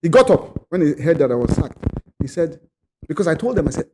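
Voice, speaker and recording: A man from Nigeria, a podcast guest telling a personal story in a lively way, acting out other people's voices and sometimes repeating words. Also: fairly high pitch, fast, background noise.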